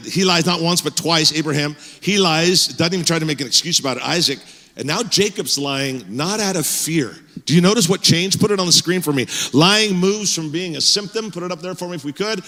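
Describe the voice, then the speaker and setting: Middle-aged male pastor, lively conversational sermon, slightly high, ringing church hall. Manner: animated, conversational, frequent fillers and restarts. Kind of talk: sermon with personal storytelling. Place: church sanctuary.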